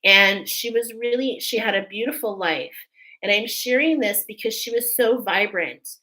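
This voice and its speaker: In this live spiritual reading, the oracle card reader, a middle-aged woman raised in an Irish Catholic family, talks in a chatty, emotional way and keeps asking "okay?". Her voice sits on the high side, sharp-toned at normal speed, on a low-quality recording.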